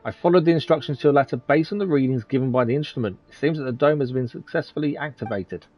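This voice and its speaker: A man's voice: mid-range voice, fast, a little mellow, soft background music, natural voice. A man reading aloud the lines of a fussy, long-winded male scholar from a game, in a pompous, wordy manner. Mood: earnest.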